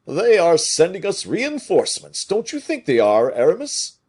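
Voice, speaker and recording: Loud, excitable giant soldier, put on by a husky male reader, pitched up from his own voice. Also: moderate pace, full character voice. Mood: excited.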